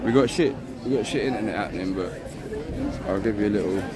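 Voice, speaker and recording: A man's voice: fairly low pitch, quick pace. A man vlogging casually in a town street, blunt, sweary and rambling, filmed on a handheld phone. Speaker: vlogger filming a protest. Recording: noisy crowd outdoors.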